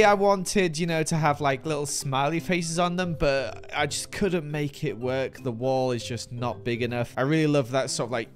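Chatty man hosting a gaming video. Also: a little high. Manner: chatty, playful, rambling. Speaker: gaming channel host. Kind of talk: casual game commentary.

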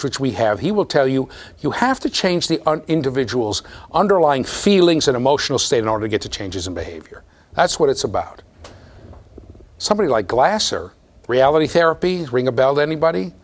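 A man giving a university lecture, animated, often checking in with the students and repeating his words. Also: a little high. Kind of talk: classroom lecture.

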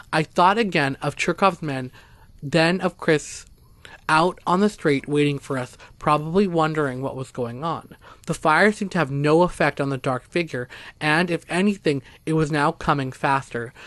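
A man reading a first-person story aloud as narrator, in a steady, even storytelling manner. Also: a little high, no echo. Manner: steady, even storytelling, voicing quoted speakers.

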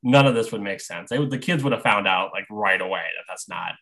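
A man's voice: fairly low pitch, quick pace, gravelly, a bit bright, rough recording. A man talking as a podcast guest in easygoing chat, laughing often.

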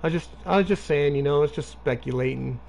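A man streams a video game, rambling casually and swearing a lot as he talks to a friend. His voice is a little high with vocal fry and a darkish tone, and he speaks fairly quickly in this casual gaming stream chat.

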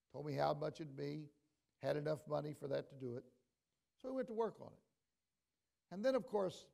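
A man preaching a storytelling sermon as bishop in a church, folksy in his telling and building to loud exhortation. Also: fairly high pitch, gravelly. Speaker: bishop and pastor. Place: church sanctuary.

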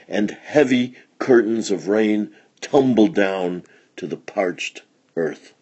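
Male storyteller, children's read-along, warm dark tone, animated delivery. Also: on the low side, takes it slowly, husky, highs cut off. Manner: expressive, lively storytelling.

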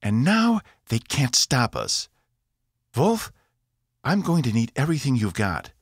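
A man's voice: medium pitch, unhurried, breathy edge, no room sound, clean studio sound, voice pushed up, heavily acted. A man reading an audiobook voices a volatile young woman pilot, defiant and then giddy. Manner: defiant, excited, rising voice.

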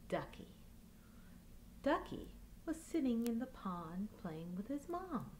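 A woman leading a toddler storytime, reading rhymes with sound effects and hushed asides. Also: high-pitched. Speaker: storytime leader.

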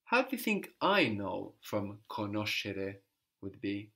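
A man's voice: on the low side, very animated, slow, vocal fry, pushed and bright. A man teaching a language lesson, patiently prompting a student and repeating her answers.

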